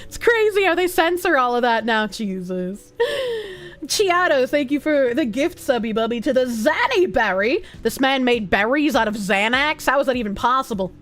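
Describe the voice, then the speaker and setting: A woman's voice: sits high, moderate pace, few pauses. A woman, streaming and chatting casually as she reads out donations, swearing freely and gasping now and then. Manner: lively, swears casually, gasps and sings snippets. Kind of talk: casual livestream chat reading donations.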